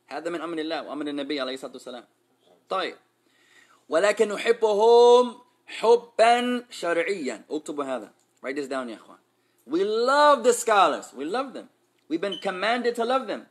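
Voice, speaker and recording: A man teaching an Islamic class, switching between Arabic and English, quizzing his students and joking with street slang. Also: sits high. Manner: playful, street slang mixed in.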